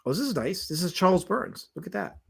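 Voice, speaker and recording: A Southern man hosts a casual comics live stream with a high, bright voice. He is animated and jokey, doubling back on phrases as he reads chat comments aloud. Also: a little fast, gravelly, breathy edge.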